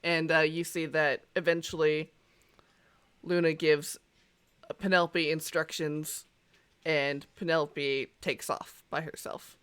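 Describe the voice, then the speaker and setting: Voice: medium pitch, flat delivery, slow pace, fairly bright tone, smooth. A game master narrating a tabletop game in a casual, hesitant way with many fillers.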